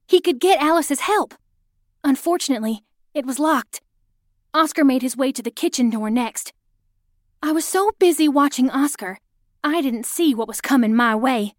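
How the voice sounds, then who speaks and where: A woman narrating a first-person audio story, expressive, acting out the shouted lines. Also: sits high, no room sound, studio quality.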